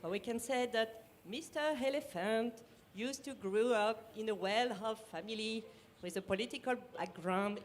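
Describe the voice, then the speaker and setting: Woman, French accent, high voice, welcome speech at a party assembly, searches for words, faint background noise. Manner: earnest, searches for words, restarts sentences. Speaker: co-chair of a national party branch. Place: conference room.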